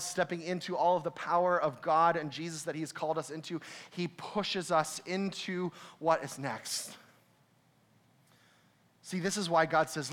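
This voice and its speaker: Young man, preaching a sermon, high bright voice, animated, acts out voices. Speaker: pastor.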